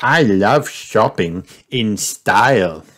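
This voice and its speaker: A man's voice: fairly low pitch, animated, takes it slowly, fairly bright tone, exaggerated voice. A man voicing a cheerful little girl piglet in a storybook read-aloud, with an eager, chirpy, questioning manner. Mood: excited.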